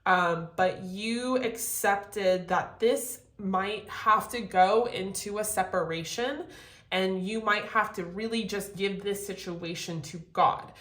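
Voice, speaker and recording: A woman giving a casual tarot reading to camera, animated and profane, laughing often. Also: mid-range voice, slow, roomy sound. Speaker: tarot reader.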